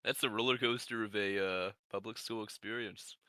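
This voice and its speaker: A man with a lower voice chimes in on a livestream with short, wry remarks. His tone is bright and crisp, and the sound is dry. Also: fairly even intonation, moderate pace, no room sound. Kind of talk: casual livestream chat.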